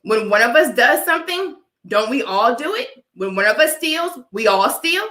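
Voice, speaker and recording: A woman's voice: fairly high pitch, big pitch swings, normal speed, bright, forceful tone. Emphatic woman vlogger in an echoey room. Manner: emphatic, preachy, keeps asking "all right?". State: dry cough from allergies. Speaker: vlogger talking to live chat. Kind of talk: casual opinion livestream.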